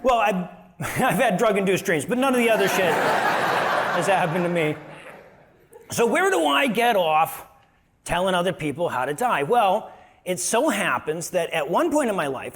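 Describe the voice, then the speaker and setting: High-voiced man doing stand-up. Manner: joking, self-deprecating, animated. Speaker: guest speaker, activist and podcaster. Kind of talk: stand-up style talk. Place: live stage before an audience.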